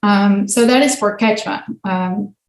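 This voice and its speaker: A woman of middle pitch gives an academic lecture, walking listeners through examples one step at a time. Her talk is patient and full of small ums and uhs. The sound rings around an echoey room. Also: unhurried. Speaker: linguistics professor giving a guest talk.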